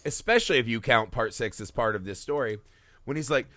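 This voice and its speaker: A man hosting a casual film podcast, talking in an animated, profane way and acting out movie scenes. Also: mid-range voice, fairly quick, dry recording. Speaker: podcast host.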